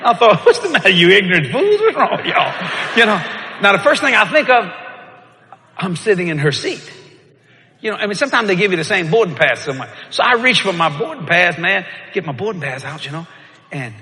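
A man, preaching and telling a story with lively shouts and laughter. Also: sits high, brisk. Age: older. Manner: animated, shouting punchlines, laughing. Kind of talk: sermon storytelling. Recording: echoey hall with crowd.

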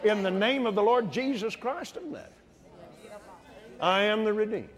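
High-voiced fervent shouting preacher man. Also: moderate pace, long reverb tail. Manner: fervent, shouting, laughing often. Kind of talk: sermon.

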